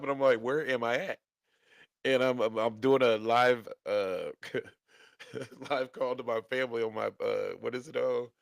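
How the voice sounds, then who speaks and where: A man's voice: medium pitch, dry recording. Laughing man telling a wild story. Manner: laughing storyteller, acts out dialogue. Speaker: podcast co-host. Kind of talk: casual storytelling chat.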